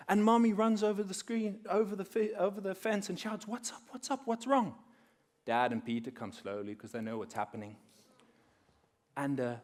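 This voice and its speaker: A young adult man telling a story to an audience at a workshop, animated and acting out the characters as he speaks. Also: mid-range voice. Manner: animated, acting out quoted characters with big swings in loudness. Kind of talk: lively storytelling talk to an audience. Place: conference room.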